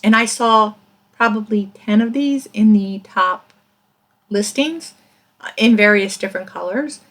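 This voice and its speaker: A chatty middle-aged woman talks through her finds at an easy, even pitch, rambling from one thought to the next. She laughs now and then, and hiccups break into her casual chat. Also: measured pace. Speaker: reseller vlogger.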